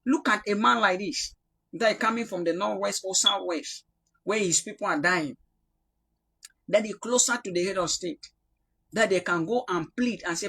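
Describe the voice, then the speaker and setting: A young Cameroonian man from the Northwest preaching a prophetic sermon, swinging from loud rebuke to quiet prayer. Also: high voice, moderate pace, creaky, breathy edge. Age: young adult.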